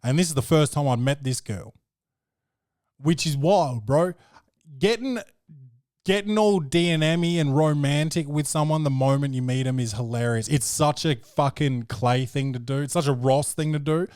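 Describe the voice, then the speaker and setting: A man's voice: fairly high pitch, normal speed, a little mellow, no room sound, studio quality. A man hosting a podcast, telling crude, rambling stories in casual chat. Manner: rambling, profane storytelling, peppered with "bro". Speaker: podcast host.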